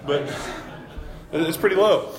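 A man's voice: fairly high pitch, slow, roomy sound. A man preaching a sermon as pastor, talking in a folksy, self-deprecating way and often repeating his words.

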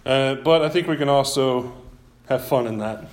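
A man's voice: mid-range voice, moderate pace. Easygoing man teaching a Bible class. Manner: relaxed, conversational with fillers. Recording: echoey room.

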